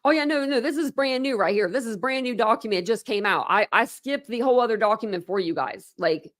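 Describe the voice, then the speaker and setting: A woman's voice: fairly high pitch, fairly quick. A woman YouTuber reading legal documents aloud and answering them with indignant, exasperated remarks. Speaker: true crime YouTuber. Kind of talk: reading court documents aloud with heated commentary.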